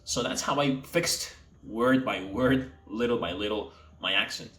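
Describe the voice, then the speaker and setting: A man's voice: mid-range voice, measured pace, bright, forceful tone. Throaty young man, echoey room. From Mexico. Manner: speaks from the throat to sound native-like. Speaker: English teacher. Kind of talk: casual talk to camera.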